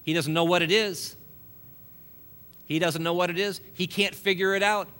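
A man's voice: high voice, steady tone, moderate pace, fairly bright tone. A man preaching a sermon, joking and laughing between points and building emphasis as he goes.

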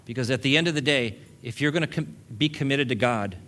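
A man's voice: medium pitch, quick pace, sharp tone. A male pastor preaching a sermon, building emphasis with casual asides to the congregation.

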